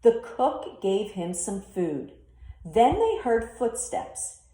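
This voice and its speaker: A woman teacher reads a children's story aloud in an expressive storytelling voice. She takes her time, and her pitch rises and falls a lot. The sound is roomy and echoing. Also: slow pace. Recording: roomy echo.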